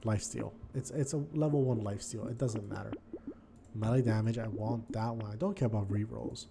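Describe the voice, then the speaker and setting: A man giving casual gameplay commentary, thinking aloud and swinging between quiet muttering and frustrated outbursts. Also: lowish voice, steady tone, a little fast, creaky, noisy background. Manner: thinks aloud, repeats words and restarts. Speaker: gaming video host.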